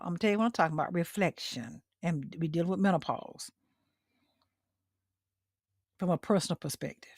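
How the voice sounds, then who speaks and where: A woman's voice: mid-range voice, fairly quick, pauses often, darkish tone, dry recording, clean studio sound. A middle-aged woman hosting a motivational livestream talk, speaking directly to her listeners and repeating her key lines for emphasis. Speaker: host.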